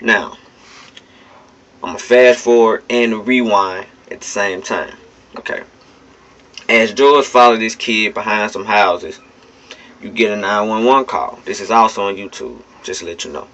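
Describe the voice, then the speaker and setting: A man's voice: lowish voice, unhurried, long pauses, a bit bright. A man giving casual, blunt, emphatic spoken commentary straight to his listeners, with some swearing. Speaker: vlogger. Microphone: phone. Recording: dull lo-fi phone recording.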